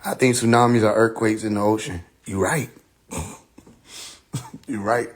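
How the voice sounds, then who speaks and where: A man hosting a casual live stream, riffing loudly with profanity and frequent laughter. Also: fairly low pitch, fairly even intonation, a little slow. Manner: loud joking rant, heavy profanity, laughing often. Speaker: livestream host. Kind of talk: casual livestream chat.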